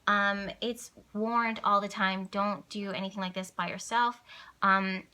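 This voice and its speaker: A woman's voice: medium pitch, fairly even intonation, a little slow, bright, forceful tone. A young woman vlogging casually to camera, telling stories in a chatty way with many fillers and restarts. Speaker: spiritual vlogger. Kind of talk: casual talking-to-camera vlog.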